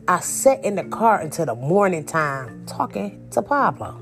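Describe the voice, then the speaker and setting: A young woman, animated and slangy, telling a personal story and acting out the quotes. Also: lowish voice, moderate pace, hardly any pauses, soft background music. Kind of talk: casual storytelling.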